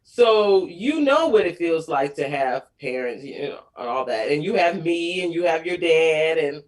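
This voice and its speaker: A woman's voice: deep voice, expressive, a little slow. Woman, forties, talk show guest, chatty storyteller, frequent laughter, voiced quotes. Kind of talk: casual chat.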